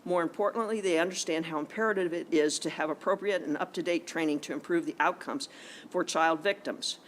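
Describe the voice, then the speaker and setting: A somewhat high-voiced man, out of breath, testifying at a legislative committee hearing. He reads a prepared statement, then drifts into rambling remarks full of fillers and restarts. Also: fairly quick, a little hiss or hum.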